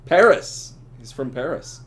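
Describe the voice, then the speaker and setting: A man's voice: a little high, lively intonation, measured pace, a bit bright. A middle-aged man who voices game characters, chatting casually while playing a game, laughing often and trailing off mid-sentence. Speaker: streamer and voice actor.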